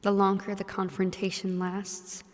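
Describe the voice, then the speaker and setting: A woman co-hosting a let's play, reading the game narration aloud in an even, measured way with casual asides. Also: mid-range voice, big-room sound.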